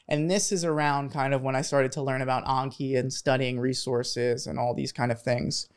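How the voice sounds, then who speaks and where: Excitable young man, smooth clear voice. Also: mid-range voice. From Philadelphia, US. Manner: energetic, animated, fast-talking with restarts. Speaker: guest, medical student. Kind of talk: casual interview storytelling.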